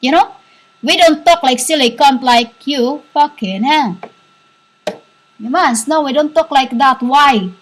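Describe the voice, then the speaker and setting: A woman giving a rambling spiritual monologue, halting and repetitive, scolding her listeners as "humans". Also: sits high, poor audio. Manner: scolding, insistent. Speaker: self-styled spiritual teacher.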